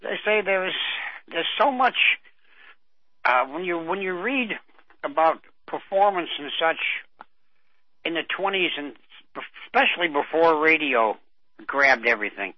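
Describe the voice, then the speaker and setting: A man's voice: a little high, expressive, unhurried, pauses often, dry recording. Older man rambling on dull radio. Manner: rambling, reminiscing with many fillers. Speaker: radio show co-host. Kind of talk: casual radio chat. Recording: dull dry radio audio.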